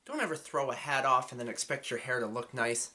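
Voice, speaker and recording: A man's voice: mid-range voice, a little fast, bright, forceful tone. A man casually reviewing an album, enthusiastic and swearing freely. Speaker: music reviewer.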